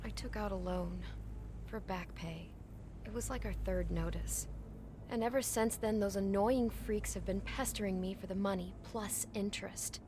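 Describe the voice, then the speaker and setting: Young female desk clerk played by a woman; anxious, secretive, stumbling answers, mid-pitch. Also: steady tone, moderate pace, natural voice. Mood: nervous. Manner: hesitant, defensive. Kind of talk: video game acting. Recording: game audio over ambient noise.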